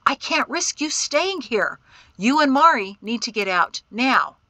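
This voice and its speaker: A stern, protective man of middle years, exasperated and forceful, as a woman narrator plays him. The voice sits bright and tense, with a lively rise and fall, in a storybook reading. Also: mid-range voice, a little slow, dry recording, voice pushed up. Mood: urgent. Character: stern protective middle-aged male guide and uncle.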